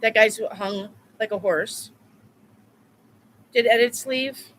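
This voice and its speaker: A woman's voice: fairly high pitch, slow, a bit bright. A woman tarot reader talking live to her viewers in a blunt, repetitive, profane way. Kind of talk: live-stream chat with viewers.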